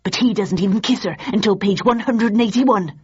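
A woman's voice: mid-range voice, fairly quick, slightly rough, voice pushed up. A woman voicing a stern, aggressive woman servant who speaks in a curt, matter-of-fact hiss, in slightly dull lo-fi audio.

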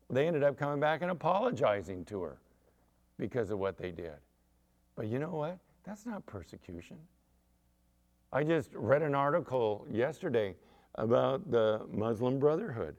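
A middle-aged man, a pastor, preaching a sermon with animated storytelling and acted-out quotes. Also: medium pitch.

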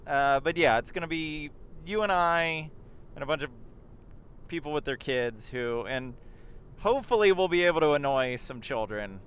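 A young man driving and bantering comically, telling stories in an excitable way. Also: fairly high pitch, moderate pace, clean tone. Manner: lively, excitable storytelling. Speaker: podcast co-host, driving. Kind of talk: comedic banter. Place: in a car in traffic.

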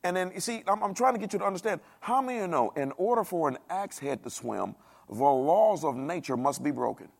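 A man preaching a sermon in a dialect, animated, asking the congregation questions and acting out the voices of the people he quotes. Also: sits high, a little fast, vocal fry. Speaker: pastor.

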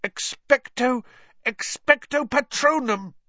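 Audiobook: a man doing a desperate teenage boy wizard, strained high yells, dry and dull sound. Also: slow, dry recording, heavily acted. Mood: desperate yelling. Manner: strained, urgent yelling. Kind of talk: audiobook character voice.

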